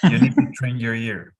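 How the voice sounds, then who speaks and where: Slow, patient male tutor. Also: mid-range voice, a little mellow. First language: Spanish. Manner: patient, repeats instructions slowly. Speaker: English tutor. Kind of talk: one-on-one lesson coaching.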